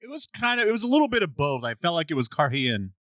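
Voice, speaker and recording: Lively higher-voiced man, dry sound. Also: no echo. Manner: lively, quick reactions, laughs often. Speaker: podcast co-host. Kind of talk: casual chat.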